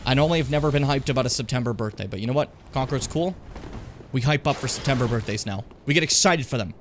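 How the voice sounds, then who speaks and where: A young streamer from Edmonton, Canada, rambles and jokes while playing a video game, swearing often in casual gameplay commentary. His mid-range voice is fast, with a little hiss or hum in the audio.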